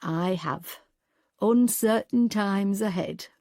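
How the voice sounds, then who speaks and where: A kindly older man speaks in a low, unhurried and understated way, as a woman narrator reads him. The tone is mellow, and the sound is close and dry. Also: no room sound. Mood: quiet. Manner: gentle, polite and understated.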